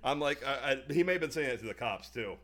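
A man's voice: mid-range voice, animated, fast, a crowd in the background. Swearing, rambling man telling a story. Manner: rambling storyteller, swears often, acts out quoted voices. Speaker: podcast co-host. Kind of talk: casual chat.

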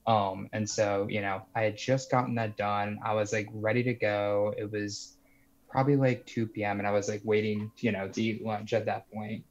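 A young man calls in over a video call to tell a story, rambling casually and peppering it with "like" and "you know." His lowish voice is flat at a normal speed, and the call audio is muffled and lo-fi.

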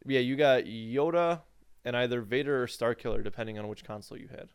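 A man co-hosting a casual podcast about fighting games, animated and sarcastic, swearing freely. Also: mid-range voice, brisk, smooth, dry recording. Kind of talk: casual gaming chat.

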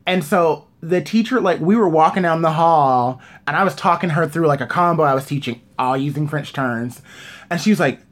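A woman's voice: sits low, normal speed. A woman who teaches dance, telling a story in a casual chat with many "like"s.

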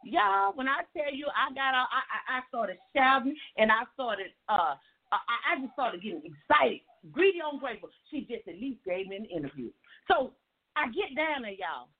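A woman life coach telling an animated faith testimony in a folksy, preachy way, repeating words for emphasis. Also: fairly high pitch, moderate pace, slightly rough. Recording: tinny phone-like sound, faint music.

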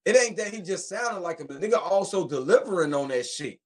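A man with a high-pitched voice hosts a casual live stream, talking fast and loose in heavy slang. He sounds excitable and hyped, reacting loudly between tracks. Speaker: show host reacting to rap tracks.

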